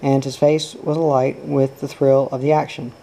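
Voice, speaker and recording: A man reading a novel aloud in a steady, even manner. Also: medium pitch, moderate pace, gravelly, slight background noise, rough recording. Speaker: narrator. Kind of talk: audiobook reading.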